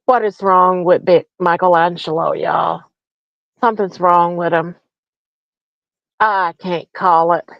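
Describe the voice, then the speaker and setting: Woman host, comedic rant; sneering, profane, slow delivery, dull lo-fi sound. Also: medium pitch, no room sound. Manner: mocking, profane, full of rhetorical questions. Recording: dull lo-fi recording.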